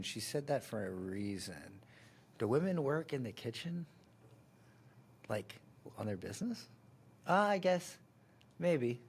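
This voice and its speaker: Sarcastic man reacting with gravelly laughs. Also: mid-range voice, big pitch swings, measured pace, pauses often. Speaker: host breaking down a sales pitch. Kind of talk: reaction commentary.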